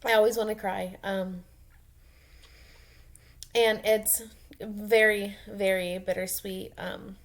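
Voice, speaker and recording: A young woman, a mom, talking casually and emotionally in a personal vlog, rambling with many ums and soft laughs. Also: medium pitch, little pitch movement, takes it slowly, long pauses. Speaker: mom vlogger.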